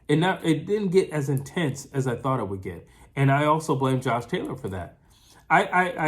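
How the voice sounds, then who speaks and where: A man giving his own fight recap in a casual opinion monologue, animated, repeating phrases and restarting often. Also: mid-range voice. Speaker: boxing commentator.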